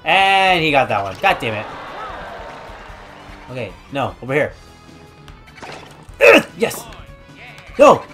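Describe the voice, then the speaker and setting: A young man doing let's-play commentary while playing, loud, swearing and trash-talking the game. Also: mid-range voice, very animated, takes it slowly, long pauses, music in the background. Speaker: gaming YouTuber.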